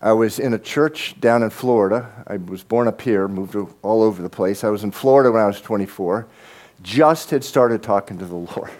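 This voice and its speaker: A middle-aged man preaching a sermon as pastor, earnest and halting, often repeating words as he starts a sentence. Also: on the low side, darkish tone.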